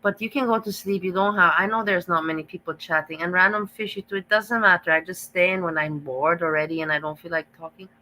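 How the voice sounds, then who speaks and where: A woman's voice: fairly low pitch, fairly even intonation, fast talker, hardly any pauses, sharp tone, rough recording. A woman hosting a live reaction stream, talking in a rambling, gossipy way that repeats itself and restarts often.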